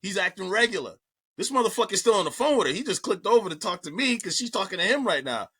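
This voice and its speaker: A comedian telling a story on a podcast in an animated way, swearing freely and repeating himself. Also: male voice, sits high, fast, slightly rough, dry recording. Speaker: comedian guest.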